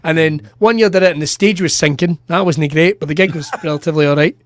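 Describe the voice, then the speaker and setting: A man's voice: fairly high pitch, fast, no room sound. A man, a comedian telling sweary, self-mocking stories in casual podcast chat and laughing through them.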